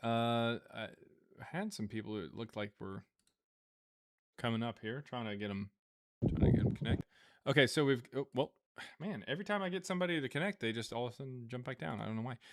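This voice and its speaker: Reading viewer donations on his live stream, this man rambles through casual chat with many fillers and lots of chuckling. His medium-pitched voice is animated and a bit bright, and he talks a little fast.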